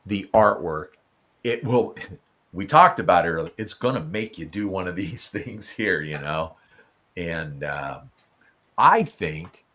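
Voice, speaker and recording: A podcast host conducts a casual interview, gushing and stammering with repeated words as he grows emotional and tears up. His voice is low but fairly bright in tone.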